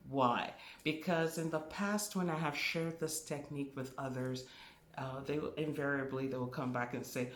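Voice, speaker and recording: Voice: medium pitch, fairly even intonation, moderate pace. A spiritual teacher giving a spoken class, stressing and repeating key words. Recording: roomy echo.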